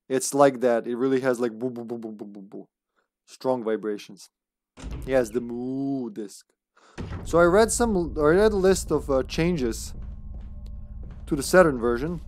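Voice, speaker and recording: A man's voice: medium pitch, a little mellow. Male streamer, loose conversational play-by-play, easy laughs. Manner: chatty, rambling, laughs often. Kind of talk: casual gameplay commentary.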